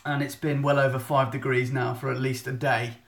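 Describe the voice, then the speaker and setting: He's an English photographer doing a casual monthly live-stream from home, his mid-range voice gravelly, a bit bright, level in tone and fairly quick. The echoey room and arm's-length phone mic frame his chatty, rambling, self-interrupting talk.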